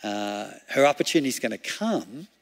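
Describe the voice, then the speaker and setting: A man's voice: mid-range voice, sing-song, normal speed. Man preaching in a reverberant hall. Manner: chatty, laughs often, rhetorical questions. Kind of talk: conversational sermon.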